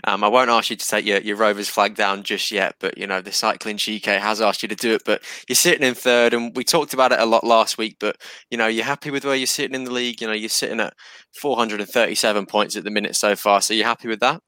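Bright-toned, dry-sounding male podcast host. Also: lowish voice, steady tone, fast, no room sound. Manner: chatty, teasing, frequent fillers. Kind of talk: casual fantasy football chat.

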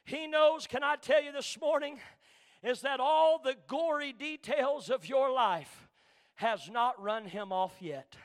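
A male pastor preaching a sermon, swinging from shouted climaxes to quiet storytelling and calling out church members by name. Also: very high voice, slow. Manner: Southern preacher cadence, calls out congregation members by name.

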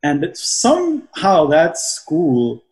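A man's voice: on the high side, huge pitch swings, drawn-out words, darkish tone. Easygoing man from Trinidad. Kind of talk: casual chat.

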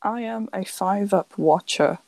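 A young woman on a casual podcast, deadpan and rambling as she talks. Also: medium pitch, unhurried, vocal fry, no echo, poor audio. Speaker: podcast co-host. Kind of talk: casual chat.

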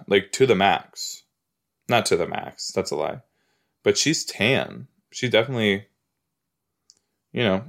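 Slow, low-voiced man chatting casually. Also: vocal fry, fairly bright tone. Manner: rambling, full of "like" and "you know"; exclaims and repeats himself while reacting. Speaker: podcast host reacting to a TV episode. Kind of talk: casual watch-along chat.

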